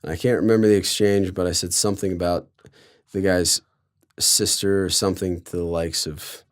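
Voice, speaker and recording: Young man, very low voice, rambling sarcastic storyteller stuffed with fillers. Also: flat delivery, moderate pace. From Colorado. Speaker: guest storyteller. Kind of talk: casual storytelling.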